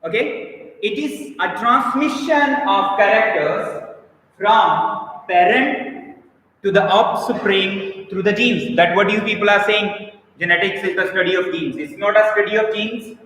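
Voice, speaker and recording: A male teacher with an Indian English accent lectures on biology in a high, bright voice. He repeats his key points and calls on students by name. The sound is very echoey, with a long reverb tail and a faint room hum behind him. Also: a little slow. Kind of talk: live online class lecture.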